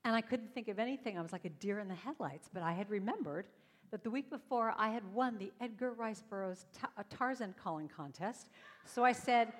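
Animated woman telling stories on stage. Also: a little high, normal speed, long reverb tail. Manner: animated, acts out her stories. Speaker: inspirational speaker. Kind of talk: inspirational stage storytelling. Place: stage before a live audience.

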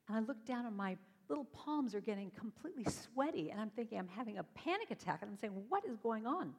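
A woman's voice: on the high side, husky, big-room sound. A woman giving an inspirational talk on stage, telling her stories animatedly and acting out the voices in them. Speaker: inspirational speaker. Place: stage before a live audience.

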